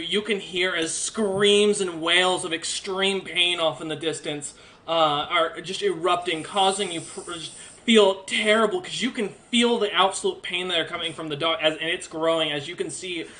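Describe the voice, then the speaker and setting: Bright-voiced man narrating as game master. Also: sits high, normal speed. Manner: loose, filler-heavy narration.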